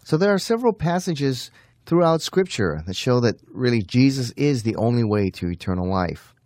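A man giving an earnest apologetics talk, slowing down to stress key phrases. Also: mid-range voice, very animated, a little mellow, dry recording, studio quality. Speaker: Christian apologist teacher.

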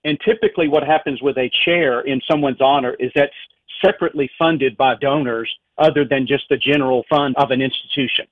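A man's voice: mid-range voice, brisk, no echo. A man with a Southern US accent, a philosophy professor answering interview questions in a chatty, folksy way. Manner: chatty, folksy, laughs easily. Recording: tinny phone line.

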